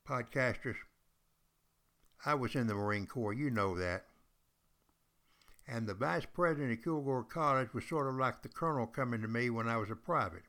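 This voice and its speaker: A man's voice: medium pitch, lively intonation, normal speed, fairly bright tone. An older man, hosting a podcast in a folksy, chatty storytelling monologue aimed straight at his listeners. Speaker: podcast host and retired college teacher.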